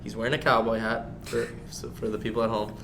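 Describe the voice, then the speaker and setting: A podcast host, casually telling an anecdote in short, punchy phrases. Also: male voice, medium pitch, level tone, fast, noisy background. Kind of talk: casual storytelling.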